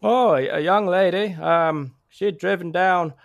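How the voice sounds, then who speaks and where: A man plays a gossipy rural local giving directions, rambling and stammering with lots of restarts. His voice is high-pitched and unhurried with vocal fry. The recording has no room sound and its highs are cut off.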